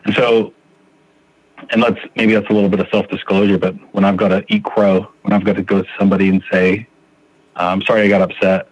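Deep-voiced man in earnest recovery talk. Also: little pitch movement, fast talker, a little mellow, husky, muffled recording. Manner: earnest, thinks aloud with many restarts. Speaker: podcast guest sharing recovery. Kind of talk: reflective recovery podcast talk.

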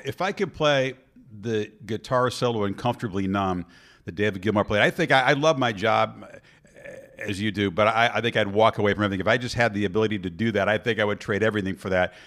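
Enthusiastic man interviewer, low voice. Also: fast talker, a bit bright. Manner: enthusiastic, asks long reflective questions. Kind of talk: casual interview talk.

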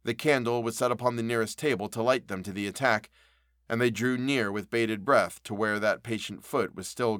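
Man, audiobook narrator, classic novel, measured solemn reading, dry close recording. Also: medium pitch, fairly bright tone, no echo.

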